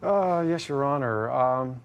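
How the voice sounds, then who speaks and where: A man of middle pitch giving courtroom testimony. He goes on at length, stalling on "uh" and repeating set phrases as he retells what happened. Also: animated, dull audio, a little hiss or hum. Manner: long, halting retelling with repeated fillers and stock phrases. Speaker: plaintiff in a TV court case.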